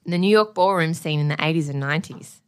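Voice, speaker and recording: A woman's voice: deep voice, fast, smooth. A young woman co-hosting a podcast, chatting casually and reading out a listener email in a playful, sing-song way. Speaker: podcast co-host.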